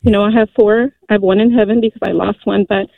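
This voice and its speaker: A woman in her forties calling in to a radio show, telling a personal story earnestly, with many halting fillers. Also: mid-range voice, steady tone, vocal fry, dry recording. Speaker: caller. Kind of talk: call-in radio testimony. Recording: tinny phone line.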